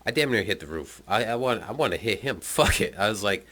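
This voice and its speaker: A man with a very low voice recounting a teenage party story in loose, profane, conversational talk. His tone is bright and forceful, and he drops swearing and chuckling asides throughout. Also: expressive, brisk, few pauses.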